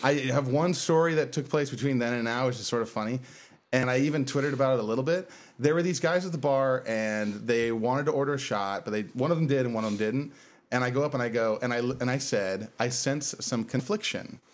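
A man telling weekend stories on a casual podcast. His pitch sits mid-range, and he acts out the people in his anecdotes, laughing through his own punchlines. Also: quick pace. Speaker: podcast host. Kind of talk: casual chat.

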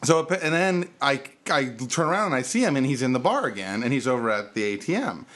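A young man hosts a casual podcast and tells a long story from behind a bar. He acts out every quote with sudden leaps in his voice. He sounds like an everyday mid-pitched speaker. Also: brisk. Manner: animated, acts out quotes with big pitch jumps. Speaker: podcast host.

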